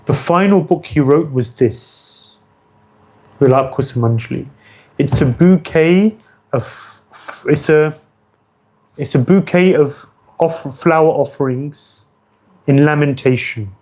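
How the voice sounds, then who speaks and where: A man's voice: on the high side, slow, long pauses, a little mellow, poor audio. A man giving an earnest devotional lecture as a spiritual teacher, often repeating phrases for emphasis.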